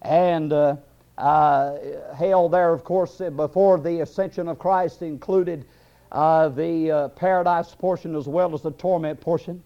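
A man's voice: a little high, fairly even intonation, unhurried. A man preaching a sermon, impassioned and building, with frequent fillers. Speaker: pastor. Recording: dull lo-fi recording.

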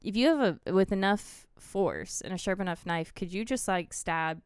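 A woman's voice: mid-range voice, moderate pace, clean tone, dry recording, clean studio sound. A woman co-hosting a podcast, chatting casually about a horror movie and wondering aloud about what she saw. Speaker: podcast co-host. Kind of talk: casual movie review chat.

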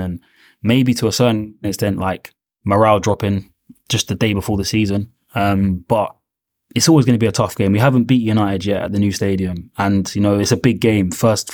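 A man's voice: on the low side, darkish tone, no room sound, studio quality. A man giving a rambling, upbeat football take on a podcast, peppering his talk with "man" and "to be honest". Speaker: podcast guest pundit. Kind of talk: casual football chat.

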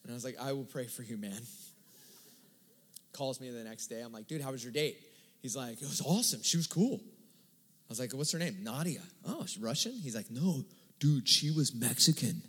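A man preaching a sermon, telling a story in a casual, lively way and acting out the dialogue. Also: medium pitch, moderate pace, breathy edge. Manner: conversational, animated retelling with quoted dialogue. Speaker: pastor. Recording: long hall reverb.

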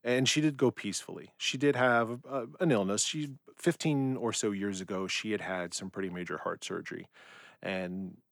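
A middle-aged man speaks in a fairly low voice as he hosts a personal podcast. He tells family stories in an easy, unhurried way, with plenty of ums and uhs. The sound is dry, with no room echo. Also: creaky. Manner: relaxed storytelling with frequent fillers. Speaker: podcast host. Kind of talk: personal reflective monologue.

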